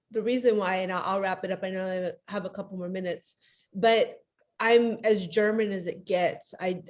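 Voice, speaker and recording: Tearful woman with halting speech. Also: medium pitch. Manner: halting, with many restarts. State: tearful, crying. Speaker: co-host of a webinar series. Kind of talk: emotional closing remarks.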